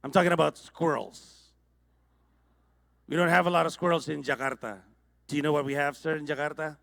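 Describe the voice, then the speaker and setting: A man with an Indonesian accent doing a stand-up comedy set, with deadpan setups and playful crowd work. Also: on the high side, brisk, gravelly. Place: large conference hall with audience.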